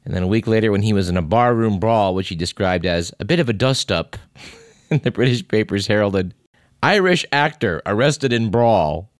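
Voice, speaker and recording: A man hosting a show, talking through a casual monologue in a halting way, with many filler pauses. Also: lowish voice, no echo, clean studio sound. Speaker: radio show host.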